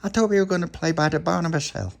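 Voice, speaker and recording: A man's voice: a little high, fast, creaky, pitched above the performer's own voice. A man voicing a chatty, curious young boy in a homemade bedtime story, asking eager wide-eyed questions. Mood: coaxing.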